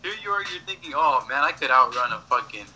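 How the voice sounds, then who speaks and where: A man's voice: mid-range voice, animated, fast talker, sharp tone, muffled recording. A young man chatting casually, telling rambling stories full of swearing and laughing at himself. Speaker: podcast regular. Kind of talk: casual chat, storytelling.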